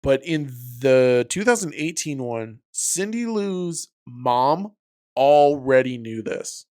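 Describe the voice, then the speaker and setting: A man's voice: mid-range voice, animated, slow pace, a little mellow, clear, resonant tone. A man co-hosting a podcast, chatting casually about films, laid-back and swearing as he argues his view. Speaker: podcast co-host. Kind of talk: casual film review chat.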